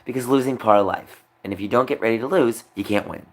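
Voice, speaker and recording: A man's voice: medium pitch, fast talker. A young man on a livestream, talking upset and rambling, repeating himself. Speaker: streamer. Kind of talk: emotional livestream monologue.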